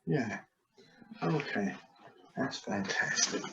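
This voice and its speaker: A man's voice: mid-range voice, expressive, slow pace, background noise. Hypnotist man, soothing, on a dull call. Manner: soothing, repetitive trance suggestions. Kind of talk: guided hypnosis session. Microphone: video call. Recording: dull, lo-fi video call audio.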